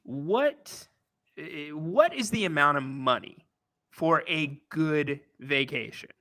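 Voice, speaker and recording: A young man co-hosting a talk stream, chatting in an upbeat way with quick questions. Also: a little high, animated, sharp tone. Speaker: co-host. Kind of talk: casual live-stream chat.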